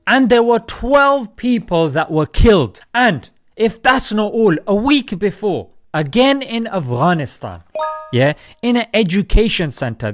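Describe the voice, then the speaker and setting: A man delivering an emphatic opinion monologue on current events, firing off rhetorical questions. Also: fairly high pitch. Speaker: commentator.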